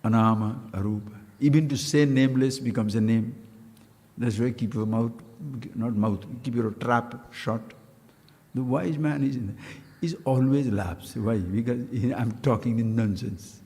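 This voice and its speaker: A man giving a spiritual discourse, playful and animated, chanting syllables with big leaps in pitch. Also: a little slow. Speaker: spiritual teacher. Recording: long hall reverb.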